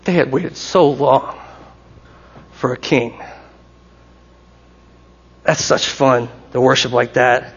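A man preaching a sermon in a lively, conversational way, to his congregation in a church. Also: mid-range voice, slow pace, pauses often, breathy edge. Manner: animated, conversational, acts out crowd shouts. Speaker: pastor. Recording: dull recording with long hall reverb.

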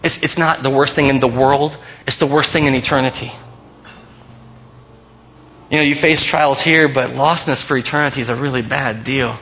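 A man's voice: mid-range voice, steady tone, moderate pace, sharp tone, highs cut off. A man preaching a sermon as pastor, earnest and emphatic, often repeating key phrases.

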